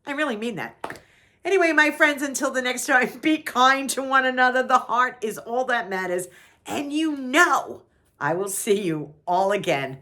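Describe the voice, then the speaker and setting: Chatty middle-aged woman vlogger, animated bright storyteller, laughs a lot. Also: high voice, moderate pace. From New York. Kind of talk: casual storytelling.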